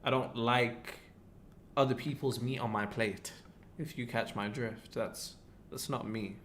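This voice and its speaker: A young British man with a Midlands accent hosting a casual livestream Q&A, relaxed and full of banter. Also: medium pitch, a little slow, a little hiss or hum. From England. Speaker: livestream host.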